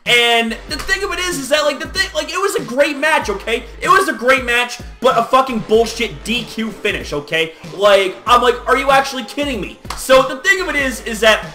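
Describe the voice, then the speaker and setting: A young man recapping wrestling results in an excitable vlog rant, swearing often and acting out his own shocked reactions. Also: very high-pitched, moderate pace, few pauses, soft background music. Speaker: wrestling vlogger.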